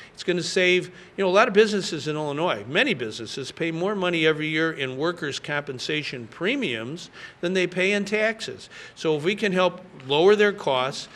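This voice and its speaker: Governor at a press conference: man in his sixties, slightly high, bright, forceful delivery, folksy and emphatic, lots of "uh". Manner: folksy, emphatic, frequent fillers. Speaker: state governor.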